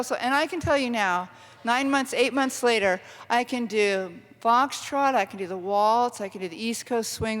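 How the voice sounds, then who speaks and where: A middle-aged woman author giving an animated, self-deprecating storytelling talk to a university audience. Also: medium pitch, big-room sound. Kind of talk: lively storytelling lecture. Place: university lecture hall.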